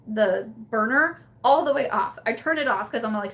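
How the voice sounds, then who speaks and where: A young woman hosts a casual live chat, telling a story with lots of fillers and bursts of laughter. Her voice sits a little high for a woman, and her delivery stays animated throughout. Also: unhurried. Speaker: livestream host.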